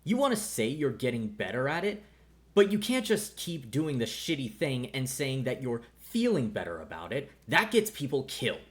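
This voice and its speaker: A man's voice: mid-range voice, huge pitch swings, moderate pace. A man voicing a stern veteran male ranger and father who lectures bluntly and swears, in tabletop role-play.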